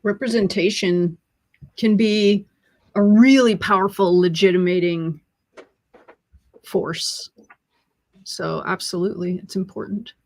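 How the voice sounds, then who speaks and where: A woman co-hosting a casual conversation, speaking at an average pitch. She mostly adds short, wry asides and quick agreements. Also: steady tone, darkish tone. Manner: brief, wry interjections.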